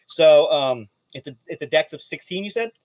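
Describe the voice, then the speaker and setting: Lively, higher-voiced male game master; swears casually, dry close sound. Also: normal speed, no room sound. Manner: lively, profane, apologetic. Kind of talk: running a tabletop game.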